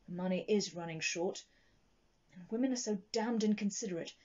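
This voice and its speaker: Woman doing a cold, scheming male doctor, low and muttered; dramatic reading, dullish recording. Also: moderate pace, a little mellow, muffled recording, natural voice. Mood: cold muttering. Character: cold, calculating male doctor, self-serving.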